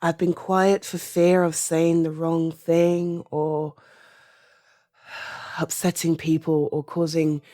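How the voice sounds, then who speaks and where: A British woman in her thirties, an audio creator, gives a soft-spoken monologue of personal opinion in a low-pitched voice. She is halting and often trails off into a whisper, recorded dry with clean studio sound.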